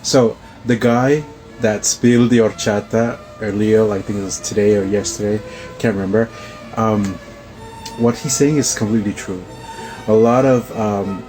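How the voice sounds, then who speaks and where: A man's voice: fairly low pitch, a little mellow, poor audio. A man giving laid-back video commentary, chuckling now and then.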